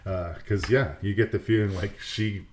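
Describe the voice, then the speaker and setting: A man co-hosting a podcast, casually discussing films in a relaxed, dry way. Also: on the low side, moderate pace, slight background noise. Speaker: podcast co-host reviewing films. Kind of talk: casual film review chat.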